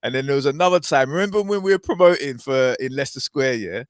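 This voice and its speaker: A man's voice: medium pitch, lively intonation, fast, dry recording, studio quality. A man with a London accent, co-hosting a podcast and telling rambling anecdotes full of "innit" and laughter. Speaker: podcast co-host. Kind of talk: casual storytelling chat.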